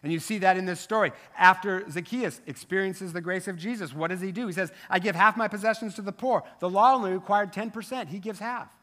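A man delivers a sermon in a church sanctuary, his voice pitched high for a man and ringing bright. He talks conversationally, tossing quick asides to the congregation. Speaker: pastor.

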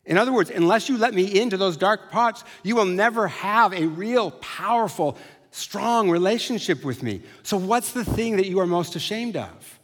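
A man preaching a sermon as a pastor, conversational with animated asides. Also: high-pitched, normal speed. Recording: long hall reverb.

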